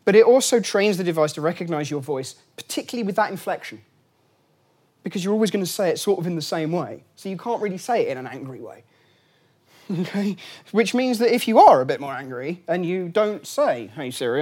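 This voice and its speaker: A man's voice: fairly high pitch, animated, a little fast, a little mellow. A middle-aged man giving a lunchtime lecture in a room, chatty and wry, with many fillers and restarts.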